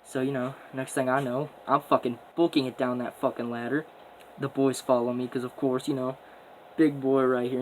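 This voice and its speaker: A man's voice: mid-range voice, level tone, normal speed, a little mellow, a little hiss or hum, rough recording. A young man casually telling a story in profane, boastful street slang, rambling as he goes.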